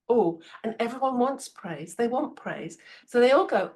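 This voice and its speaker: A woman's voice: mid-range voice, normal speed. A woman giving management advice in a conversational way, telling stories and acting out what people said. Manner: lively storyteller, acts out quotes, frequent laughs. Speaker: podcast guest expert on management.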